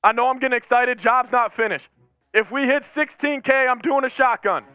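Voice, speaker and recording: Male fan streamer, very high, bright and hyped, rambling play-by-play over faint music. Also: moderate pace, smooth, no echo. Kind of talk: live fan reaction stream.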